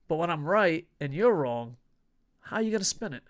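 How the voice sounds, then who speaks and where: A young man hosts a combat sports news show and reacts to headlines in loose commentary. He swears freely, rants with a lot of energy and breaks into laughs. His voice sits a little high for a man. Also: expressive, brisk. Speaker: wrestling news host. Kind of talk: casual commentary reading headlines.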